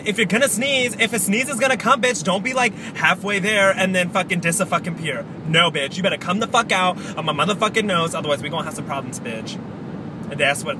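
A man's voice: high voice, very noisy. A young man vlogging in a sassy, profane, dramatic rant, recorded on a phone while out and driving. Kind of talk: casual vlog rant. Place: outdoors and in a car.

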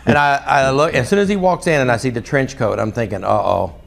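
A man's voice: mid-range voice, a little fast, gravelly. An older man, telling rambling, funny anecdotes as a podcast guest. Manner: rambling, laughing anecdotes with quoted voices. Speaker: guest storyteller. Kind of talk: casual storytelling.

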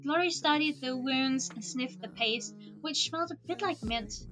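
A woman streamer reading a book aloud in a relaxed way, dropping small casual asides. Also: high-pitched, normal speed, hardly any pauses, faint music behind. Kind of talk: storybook read-aloud.

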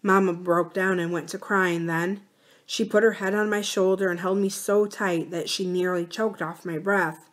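A woman's voice: lowish voice, steady tone, moderate pace. Woman reading a storybook aloud. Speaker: library story reader.

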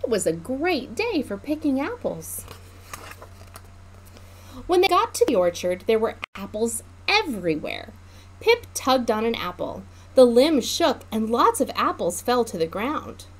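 A woman children's librarian reading a picture book aloud to preschoolers in a slow, sing-song, teacherly way. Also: fairly high pitch, sing-song, a little hiss or hum.

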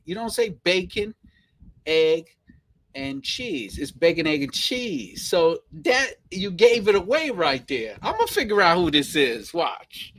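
Slow-talking New York man, live streaming. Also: sits high. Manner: animated and playful, repeats phrases, chuckles often. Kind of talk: casual live stream chat, reading viewer comments.

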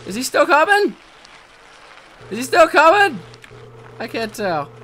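A young man doing excitable let's play commentary, yelping, shouting and swearing at game mishaps. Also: extremely high pitch, measured pace, faint music behind. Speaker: gaming video host.

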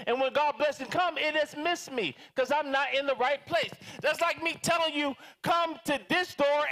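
A man preaching a sermon as pastor, animated and calling out to his congregation for responses. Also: extremely high pitch. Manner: animated, dramatizing prayers in different voices.

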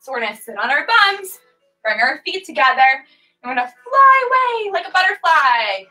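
A woman's voice: high-pitched, sing-song, moderate pace, sharp tone, poor audio. A woman in her twenties leading a children's yoga class over a livestream, playful and sing-song, barking and meowing along with the animal poses. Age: 20s. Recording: faint music behind the voice.

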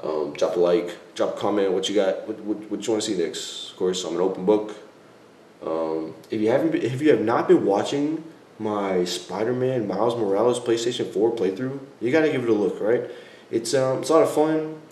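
A man's voice: lowish voice, animated, normal speed, darkish tone. A young man hosting a casual vlog, answering viewer questions in a rambling, self-correcting way and laughing often. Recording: echoey room, faint background noise.

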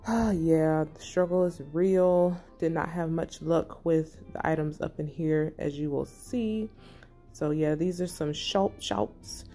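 A middle-aged woman narrating her fashion haul in a quiet, breathy, relaxed ASMR-style voice-over. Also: low-pitched, slow, soft background music. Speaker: fashion vlogger.

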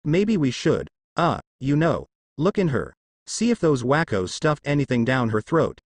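A man's voice: mid-range voice, big pitch swings, a little slow, dry recording. A man voicing a sarcastic, wisecracking young male hunter in a fan story reading. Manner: sarcastic, joking.

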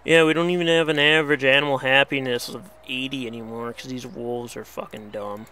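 A man's voice: medium pitch, fairly even intonation, brisk, pushed and bright. A young man commentating on his game, exasperated and pleading, swearing at the animals as he plays. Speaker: let's play host. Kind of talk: casual gameplay commentary.

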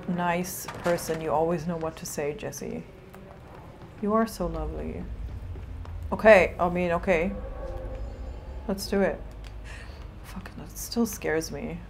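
A woman streamer with a slightly low voice who chats casually through her gameplay. She swears freely and talks back to the game. There is a faint hiss of noise behind her. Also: creaky.

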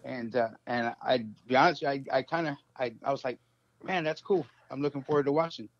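A man sharing a personal struggle in a halting, emotional way, full of fillers, on a phone. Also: mid-range voice, no echo. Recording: dull dry phone audio.

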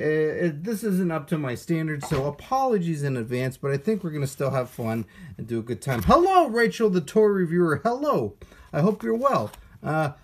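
Chatty man hosting a live unboxing. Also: sits high. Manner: chatty, rambling, talks to viewers. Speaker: toy unboxing host. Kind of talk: casual live-stream chat. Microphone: phone camera.

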